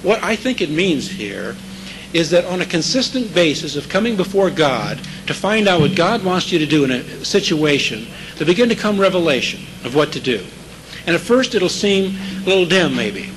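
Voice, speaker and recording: A man's voice: a little high, sing-song, moderate pace, noisy background. A man preaching a sermon in a conversational way, checking in with his listeners and repeating key scripture phrases for emphasis.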